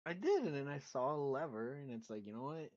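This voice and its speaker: A man's voice: medium pitch, big pitch swings, a little fast, a little mellow, dry recording, highs cut off. A man talking as a player in a tabletop game, defensive and joking. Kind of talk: casual chat in a tabletop game.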